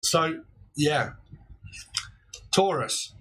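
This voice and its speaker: A man's voice: a little high, expressive, extremely slow, fairly bright tone, a little hiss or hum, rough recording. A man in his forties doing a chatty live-stream tarot reading, laughing often between points and breaking into theatrical quoted outbursts. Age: 40s. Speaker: tarot reader.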